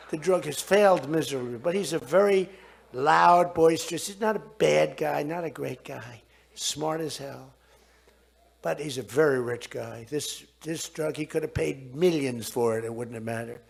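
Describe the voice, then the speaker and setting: A man's voice: fairly high pitch, moderate pace, creaky, slightly rough. A man in his seventies giving a rambling speech, digressing and repeating himself.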